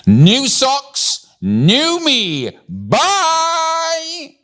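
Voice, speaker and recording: A man doing a squealing excitable young girl. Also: lowish voice, brisk, voice pushed up. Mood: excited. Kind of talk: storybook reading.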